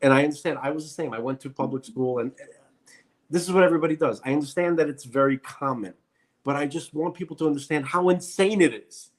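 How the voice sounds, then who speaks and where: A man's voice: a little high, fast. A man co-hosting a podcast, speaking in a blunt, ranting way with emphatic repetitions. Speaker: podcast co-host. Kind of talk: casual opinionated chat.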